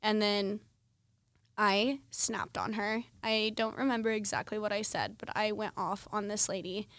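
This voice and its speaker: A young woman hosts a podcast, talking through her own story in a candid, conversational way, full of fillers. Her voice sits in the middle of the usual pitch range for a woman. The recording is dry and close, with no room echo. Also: steady tone, measured pace, fairly bright tone. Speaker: podcast host. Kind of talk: personal storytelling monologue.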